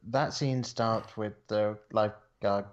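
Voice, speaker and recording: A man co-hosting a movie podcast who reads out his notes with dry, deadpan humor. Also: fairly low pitch, slow. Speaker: podcast co-host. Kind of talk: casual movie commentary. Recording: slightly dull lo-fi mic.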